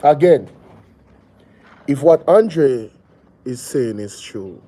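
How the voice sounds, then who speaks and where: A man's voice: medium pitch, animated, very slow, warm tone. A man with a Jamaican accent hosts a live reaction show. He repeats his points with emphasis and greets viewers by name between comments.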